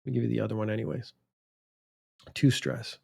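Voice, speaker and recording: A man teaching English vocabulary, thinking aloud and saying words slowly and deliberately to stress the key ones. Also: on the low side, level tone, creaky, warm tone, breathy edge.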